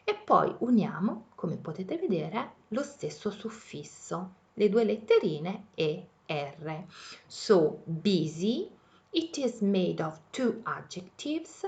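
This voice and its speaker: A woman teaching English grammar with an Italian accent, explaining each rule slowly and repeating it in her native Italian. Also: fairly low pitch, vocal fry, dull audio. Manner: patient, repeats each point in two languages. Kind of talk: bilingual grammar lesson.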